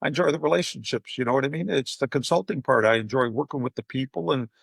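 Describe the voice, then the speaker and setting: Gravelly older man telling stories. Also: mid-range voice, quick pace, no echo. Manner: animated anecdotes, acting out quoted voices. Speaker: podcast guest, speaker and coach. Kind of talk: casual interview storytelling.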